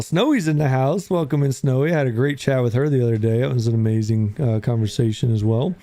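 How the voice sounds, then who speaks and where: A man's voice: medium pitch, brisk, hardly any pauses, mellow, dry recording. Laid-back man hosting a casual chat. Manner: laid-back, rambling, says "dude" a lot; greets listeners by name as they join. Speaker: host of a live audio chat room.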